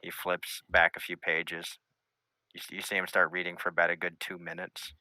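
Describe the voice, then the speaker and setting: A man narrating a tabletop game as game master, with halting delivery and frequent restarts. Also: low-pitched, monotone, pushed and bright.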